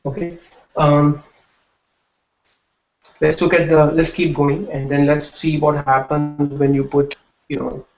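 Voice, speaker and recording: A man's voice: fairly high pitch, darkish tone. A man teaching a classroom lecture, explaining patiently and often checking in with "right?". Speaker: Hindi teacher. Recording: echoey room, dull lo-fi sound.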